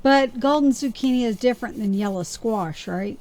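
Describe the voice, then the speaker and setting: A woman's voice: on the high side, moderate pace, a little mellow, slight background noise. A woman chatting casually with her husband, asking skeptical questions about the planting. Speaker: co-host, wife. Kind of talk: casual chat. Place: basement seed-starting setup.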